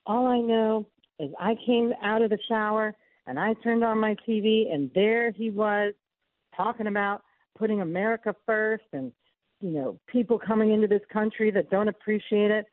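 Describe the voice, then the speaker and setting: Woman impersonating an excitable Southern storyteller with a North Carolina accent, raised pitch, dry phone audio. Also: normal speed, no echo, natural voice. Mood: excited. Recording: tinny phone line.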